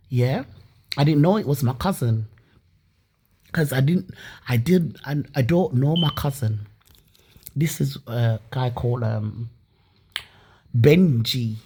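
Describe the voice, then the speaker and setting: A woman's voice: very deep voice, mellow, husky. A woman from Leeds telling her own story casually and animatedly, with many restarts and some swearing. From Leeds, England.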